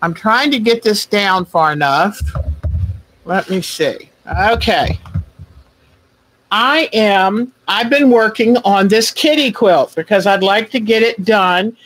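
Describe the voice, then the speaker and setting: A woman's voice: medium pitch, slow pace, slightly rough, rough recording. A woman hosting a quilting live stream, chatting casually and greeting viewers by name with rambling asides.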